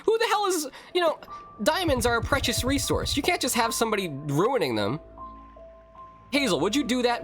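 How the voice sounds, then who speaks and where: A man streaming a horror game live, rambling and reacting loudly, chatting with viewers as he plays. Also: mid-range voice. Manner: animated, rambling, reading chat, exclamatory. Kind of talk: casual live-stream commentary.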